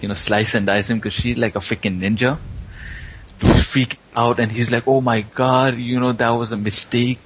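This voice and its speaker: A man's voice: lowish voice, fairly bright tone, a little hiss or hum, poor audio. Man casually rambling through a story recap. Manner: rambling, filler-heavy storytelling.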